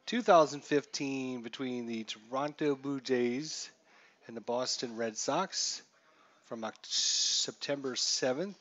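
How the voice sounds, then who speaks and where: Male streamer, casual commentary, stat-heavy, mid pitch. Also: lo-fi sound. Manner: chatty, reels off stats, rises for big plays. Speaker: streamer playing a baseball simulation.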